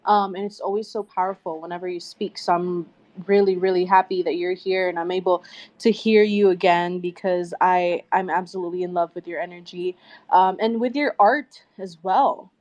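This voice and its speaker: A woman's voice: lowish voice, fairly even intonation, normal speed, darkish tone, lo-fi sound. A woman in a live audio chat, chatty and effusive, and self-conscious about how she says names. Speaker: audience speaker.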